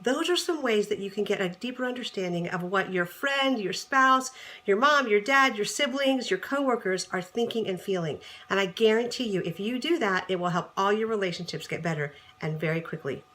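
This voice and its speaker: A woman relationship coach speaks casually to the viewer at a middle pitch. She is chatty and animated and slips into acted-out snippets of conversation as she explains her tip. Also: brisk. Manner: chatty and animated, acts out quoted dialogue. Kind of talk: casual advice talk to camera.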